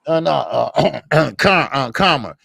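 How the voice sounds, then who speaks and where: A man's voice: medium pitch, lively intonation, takes it slowly, gravelly, a bit bright, slightly rough, dry recording. A man co-hosting a boxing talk show, rambling with many hesitations. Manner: rambling, hesitant, many uhs and you-knows. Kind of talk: casual boxing chat.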